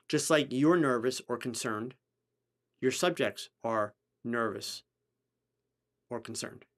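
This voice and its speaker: A man hosting a live photography chat, answering viewers by name and stressing points by repeating them, his pitch swinging between low, slow stretches and high bursts. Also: gravelly, a bit bright. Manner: emphatic, repeats key phrases for stress. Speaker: photography podcast host. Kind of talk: live-streamed teaching chat.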